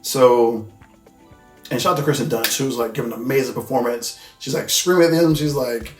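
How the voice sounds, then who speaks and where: A man's voice: medium pitch, brisk. A man hosting a casual movie recap, talking in a loose, rambling way, with lots of filler words and swearing. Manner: loose, rambling and profane, full of "like" and "you know what I mean". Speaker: host. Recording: echoey room with faint music.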